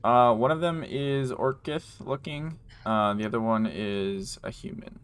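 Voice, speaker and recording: A man narrating as game master in a casual, laughing way, slipping into quick character voices. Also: mid-range voice, a bit bright, smooth.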